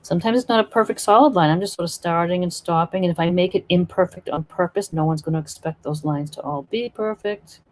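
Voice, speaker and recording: A woman's voice: fairly low pitch, quick pace, hardly any pauses. A woman teaching acrylic painting in a live stream, chatting and encouraging while she works. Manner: chatty, encouraging, thinks aloud while working.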